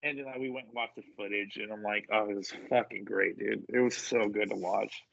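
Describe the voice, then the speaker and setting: A man's voice: lowish voice, steady tone, fairly quick, creaky, a bit bright, no echo, highs cut off. A man telling wrestling stories in casual chat, swearing freely and acting out what people said. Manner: profane, acts out voices in quotes. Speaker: wrestler guest.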